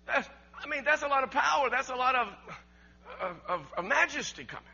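Emphatic preacher, a man with a bright husky voice. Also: extremely high pitch, animated, a little fast. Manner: emphatic, rising to near shouts; laughs between points, repeats words. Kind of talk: sermon. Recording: dull lo-fi recording with mains hum.

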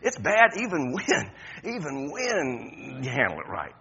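Animated preacher, sermon, lo-fi sound. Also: male voice, mid-range voice, a little slow, gravelly, slight background noise. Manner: conversational preaching, with stammered restarts and sudden emphatic rises. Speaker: pastor.

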